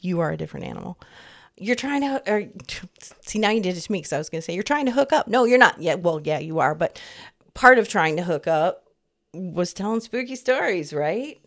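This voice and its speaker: A woman's voice: lowish voice, lively intonation, a little fast. A woman in her fifties co-hosting a podcast, chatting in a rambling, easygoing way and laughing often. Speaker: podcast co-host. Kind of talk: casual chat.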